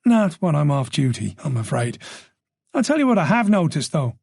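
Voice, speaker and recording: A man's voice: fairly high pitch, big pitch swings, moderate pace, gravelly, a little mellow, husky, dry recording, exaggerated voice. A man voicing a reserved, polite middle-aged detective with dry, guarded replies in an audiobook.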